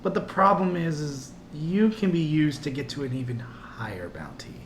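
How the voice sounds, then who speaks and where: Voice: medium pitch, animated, normal speed. A game master running a tabletop role-playing game, speaking in a teasing, matter-of-fact way. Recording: echoey room with background noise.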